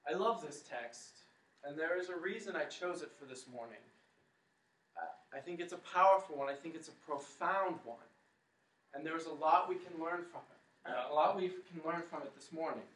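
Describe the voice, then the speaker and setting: A man with a slightly high, somewhat bright voice preaches a sermon at a moderate pace, telling the story dramatically and leading his congregation in a chant. He's in a church hall, and the echoey room is picked up by a distant mic.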